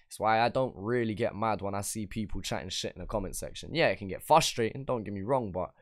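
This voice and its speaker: A man's voice: lowish voice, fast talker, no echo, studio quality. A man, hosting a music reaction and giving casual, slangy commentary on a song. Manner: loose slangy street talk.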